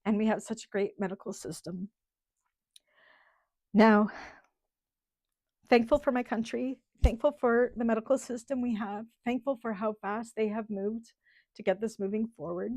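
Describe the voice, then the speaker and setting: A middle-aged woman, a channel host in casual livestream chat, talking in a heartfelt, halting way with many ums while holding back tears. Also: a little high, darkish tone, dry recording, studio quality. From Canada.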